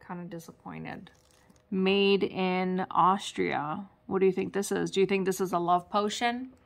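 A woman's voice: on the low side, fairly even intonation, a little slow, creaky. A woman chatting casually as co-host, easily amused while sorting through a storage unit. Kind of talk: casual chat.

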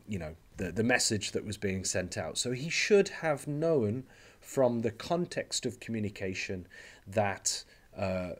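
A male teacher giving an online lecture, explaining step by step in a relaxed way and often pausing with "okay" and "um". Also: on the low side.

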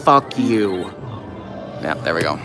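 A foul-mouthed man streams his gambling from a casino floor and talks casually to his viewers. His pitch leaps up and down as he yells at the reels, and loud slot machine music plays behind him. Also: takes it slowly. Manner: excitable, profane, yells at the machine. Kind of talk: casual live-stream chat.

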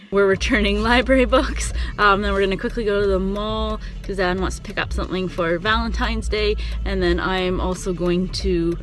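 A woman's voice: medium pitch, fairly bright tone. A young woman chatting casually and upbeat in a daily vlog, laughing often. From Canada. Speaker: vlogger.

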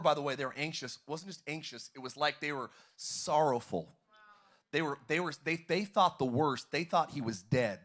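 A young adult pastor with a slightly high, fairly bright voice preaches a sermon in a church auditorium. The congregation answers him in call-and-response.

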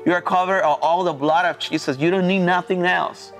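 A pastor from Mexico telling his testimony in halting, earnest English with a Mexican Spanish accent. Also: sits high, steady tone, a bit bright, soft background music. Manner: earnest, halting non-native English with repeated restarts. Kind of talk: personal testimony in an interview.

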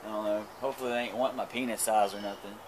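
A man's voice: fairly low pitch, fairly even intonation, rapid-fire, noisy background. A man chatting casually while cooking outdoors at a grill, crude and joking, stumbling over his words. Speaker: cooking vlogger. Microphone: camera mic.

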